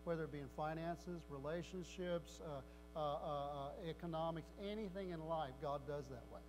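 Male pastor, measured sermon delivery, slightly high pitch, echoing hall. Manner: measured preaching with hesitations. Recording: reverberant church hall with faint hum.

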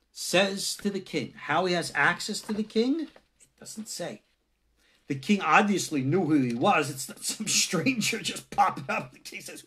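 A man lecturing as a rabbi in a loose, conversational way, putting rhetorical questions to his listeners. His pitch swings widely as he acts out quoted lines, and now and then he sinks to a near-whisper. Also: bright, forceful tone, husky. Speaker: rabbi teaching a lesson.

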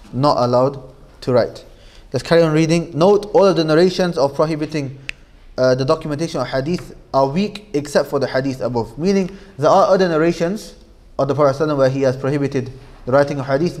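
A man's voice: on the high side, fast, a little mellow. Manchester guy teaching a class, chatty, says things twice, keeps asking the room "okay?". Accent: Manchester English. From Manchester, England. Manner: conversational, repeats points, checks in with the class. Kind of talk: informal classroom lesson.

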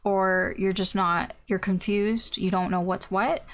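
A woman's voice: medium pitch, steady tone, a little slow. A woman giving a casual tarot reading, thinking aloud with lots of ums and maybes, blunt and informal. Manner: blunt and informal, with mild swearing. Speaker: tarot reader.

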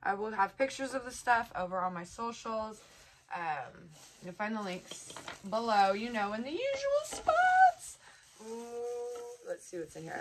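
A woman chatting casually as she unboxes a subscription box, bubbly and gushing with excitement. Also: mid-range voice, background noise. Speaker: vlogger.

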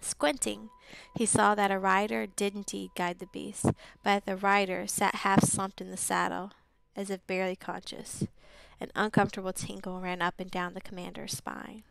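A woman reading a fantasy novel aloud as narrator, steady and even, with occasional slips. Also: mid-range voice, normal speed, vocal fry, clean tone, no room sound, low-quality recording. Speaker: audiobook reader. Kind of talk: live book reading narration.

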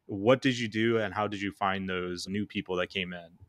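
Male host, easygoing interviewer, slightly low voice. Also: moderate pace. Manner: relaxed, conversational, asks questions. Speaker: podcast host. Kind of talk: casual interview talk.

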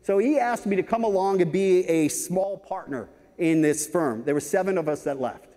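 A man in his fifties giving a conference talk, telling lively anecdotes with frequent "right?" asides. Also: sits high, moderate pace. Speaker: keynote speaker. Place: large conference hall stage. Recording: reverberant conference hall.

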